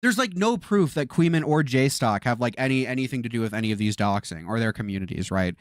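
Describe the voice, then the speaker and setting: A man's voice: medium pitch, expressive, a little fast, dry recording, clean studio sound. A man streaming a reaction, exasperated, swearing often and repeating himself. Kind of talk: live-stream reaction commentary.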